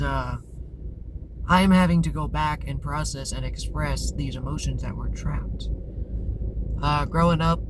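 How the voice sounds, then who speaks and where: A man hosting a tarot channel, talking casually and candidly to camera, rambling and often restarting his sentences. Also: on the high side. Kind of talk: casual confessional talk to camera. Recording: clear background noise with vehicle sounds.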